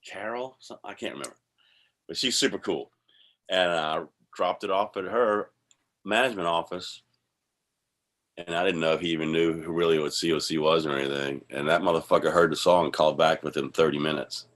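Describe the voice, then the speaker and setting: A man telling a casual, animated story, heavy on swearing and bursts of laughter. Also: low-pitched, a little fast. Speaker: guest musician.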